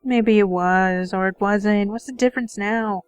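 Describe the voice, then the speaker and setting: A woman reading a calm, teasing stranger. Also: medium pitch, measured pace, clean tone, faint music behind, close to an everyday voice. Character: calm, teasing mysterious young man. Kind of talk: reading a visual novel aloud.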